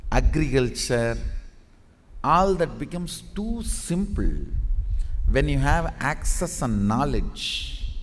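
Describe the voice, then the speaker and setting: A man's voice: medium pitch, expressive, takes it slowly. A man giving a spiritual discourse as a teacher, emphatic and repeating words for effect. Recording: reverberant hall with faint noise.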